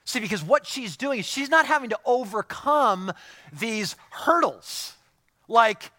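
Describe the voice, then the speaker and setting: Bright-voiced joking male pastor. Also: very high voice, a little slow. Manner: animated, jokey, acts out quoted voices. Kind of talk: sermon.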